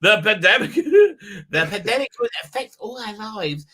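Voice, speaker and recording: A man hosting a live stream, talking in a sarcastic, profane way and often breaking into shouts. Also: high-pitched, sing-song, measured pace, husky. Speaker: show host. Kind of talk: mocking live stream commentary.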